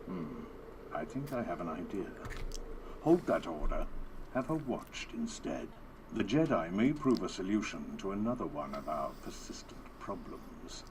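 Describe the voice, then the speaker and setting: An actor playing a stern, scheming general in a video game cutscene, speaking in a cold, scornful, measured way. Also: male voice, deep voice, sing-song, background noise.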